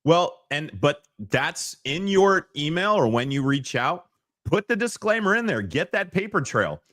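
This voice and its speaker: A man's voice: fairly high pitch, sing-song, fairly bright tone, no room sound, clean studio sound. A man co-hosting a soccer podcast, bluntly pushing back in casual banter. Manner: blunt, quick to push back.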